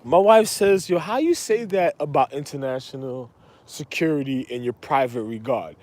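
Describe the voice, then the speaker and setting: A man's voice: mid-range voice, moderate pace, darkish tone, dry recording. A man rambling in a monologue, repeating himself and breaking into laughter. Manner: repetitive, laughing, erratic.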